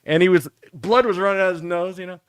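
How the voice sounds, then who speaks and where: A middle-aged man hosting a talk show, telling rambling, profane stories about his school days in a casual, animated way. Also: sits high, fast talker, clean tone, no room sound. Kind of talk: casual storytelling.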